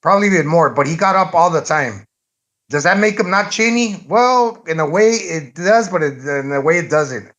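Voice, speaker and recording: A man's voice: on the high side, expressive, moderate pace, a bit bright. A man co-hosting a casual boxing podcast, rambling and repeating himself, full of fillers. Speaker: podcast co-host.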